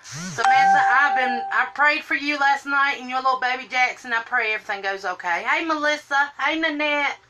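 A woman's voice: high voice, moderate pace, bright, forceful tone, slight background noise. A woman, chatting on a live stream while doing her makeup and greeting viewers by name in a sing-song lilt. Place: home room, indoors.

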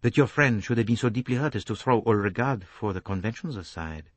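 A man reading an audiobook voices a fastidious middle-aged Belgian detective, precise and courteously relentless. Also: lowish voice, expressive, no echo. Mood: probing.

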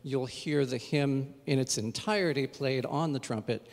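A man's voice: mid-range voice, moderate pace, vocal fry. A man, a church organist, talking casually to his audience between pieces with plenty of ums and uhs. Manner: relaxed, chatty, frequent ums and uhs. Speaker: church organist giving a recital. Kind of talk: casual spoken introduction to the audience. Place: church sanctuary. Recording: long church reverb, voice heard from afar.

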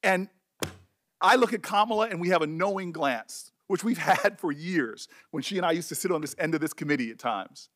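An impassioned middle-aged man speaks at a formal hearing, his voice sitting higher than most men's. He talks with deep emotion and keeps stumbling and restarting his words as feeling catches up with him. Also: brisk, a bit bright, a little hiss or hum. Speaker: senator. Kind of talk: speech at a hearing.

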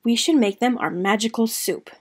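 A clever, jolly wandering cook played by a woman coaxes a whole village in a storybook tale. He speaks in a showy, sing-song chant with a fairly high, bright tone. The reading is lively and playful. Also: normal speed, husky. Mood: cheerful. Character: clever cheerful male traveling cooks.

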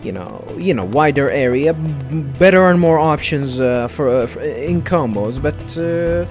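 A man's voice: fairly high pitch, lively intonation, a little slow, a little mellow, soft background music. A man casually commenting on a game he plays, hesitant, with many fillers and restarts. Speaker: let's play host.

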